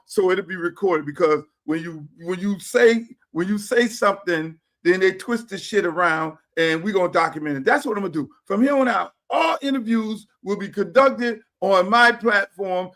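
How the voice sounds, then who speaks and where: A middle-aged man, hosting a livestream in a blunt, profane, animated manner. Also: high-pitched. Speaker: host. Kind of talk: casual livestream talk. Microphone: streaming setup.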